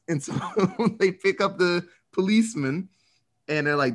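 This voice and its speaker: A man's voice: a little high, animated, unhurried, a bit bright. Rambling, swearing man recapping a film. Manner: rambling, swearing, laughing storyteller. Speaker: podcast host. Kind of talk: casual movie recap.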